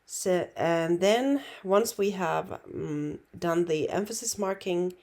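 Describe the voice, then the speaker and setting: A woman with Finnish as her first language, teaching a relaxed online language lesson in an unhurried, reassuring way. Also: deep voice, vocal fry. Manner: unhurried, reassuring, many fillers and restarts.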